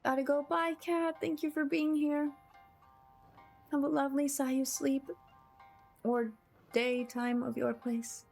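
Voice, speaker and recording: Brief: chatty woman streamer, unhurried delivery, soft game music behind. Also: sits high, little pitch movement, creaky. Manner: chatty, giggly, addresses chat. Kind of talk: casual game commentary.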